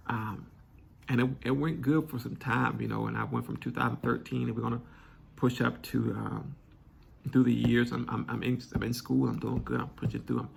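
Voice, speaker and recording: A young man telling a personal story candidly, halting and restarting often. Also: mid-range voice, level tone, creaky, slight background noise. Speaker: vlog host.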